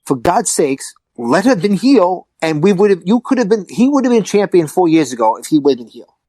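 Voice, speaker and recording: A man hosting a podcast in casual chat, talking in an animated, emphatic way that rises to excited peaks. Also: high voice, brisk, no echo, low-quality recording. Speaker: podcast host.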